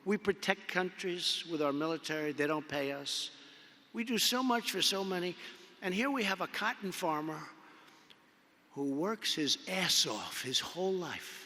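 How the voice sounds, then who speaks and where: A man delivers a loose political speech from a podium, circling back and repeating phrases with chatty asides. His voice is bright and forceful and sits a little high. The sound rings with the long reverb of a big indoor arena. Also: a little slow. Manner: rambling, repetitive, conversational asides. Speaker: political speaker at a convention. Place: large indoor convention arena.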